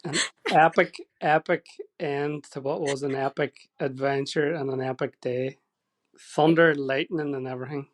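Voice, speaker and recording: A woman's voice: very deep voice, fairly even intonation, normal speed. A woman hosting a podcast, answering her guest with short affirmations and laughs. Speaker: podcast host. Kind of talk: casual interview chat.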